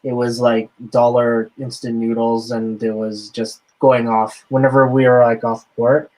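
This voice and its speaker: A man's voice: mid-range voice, level tone, unhurried, darkish tone, rough recording. A man hosting a podcast, talking loosely in a casual chat with lots of fillers. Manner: loose, filler-heavy talk. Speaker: podcast host.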